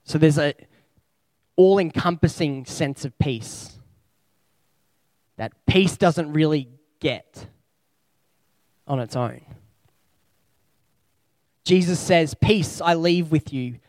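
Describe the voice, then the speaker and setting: A man delivering a sermon in an easy, conversational tone, his voice pitched a little high. He talks through his points reflectively and strings out slow lists of words. The sound is close and dry. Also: a little mellow, no room sound. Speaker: preacher.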